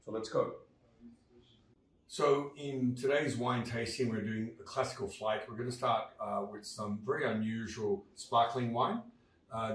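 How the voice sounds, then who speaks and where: A man presenting a casual wine vlog, chatty and upbeat with lots of fillers. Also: lowish voice. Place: wine store, indoors. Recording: very echoey store, mic far off.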